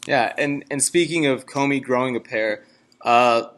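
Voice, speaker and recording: A man's voice: medium pitch, unhurried, a bit bright. A man asking interview questions hesitantly, with many filler words.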